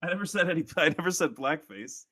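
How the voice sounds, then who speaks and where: A man's voice: fairly high pitch, animated, fast, pushed and bright, no room sound, studio quality. A man co-hosting a casual podcast chat, rambling with lots of "like" fillers and frequent laughs. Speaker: podcast co-host.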